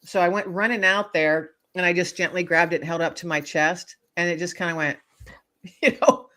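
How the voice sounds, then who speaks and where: A woman author chatting as a guest, her voice pitched low but bright and forceful. She tells stories with lots of energy, acting out the voices and laughing along with them. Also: fairly even intonation, a little fast. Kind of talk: casual storytelling interview.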